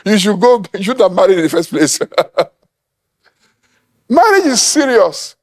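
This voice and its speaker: Middle-aged nigerian-born preacher guy, high voice that jumps all over, punchy sermon delivery. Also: moderate pace, long pauses. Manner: emphatic, animated preaching with laughs and quoted voices. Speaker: apostle preaching.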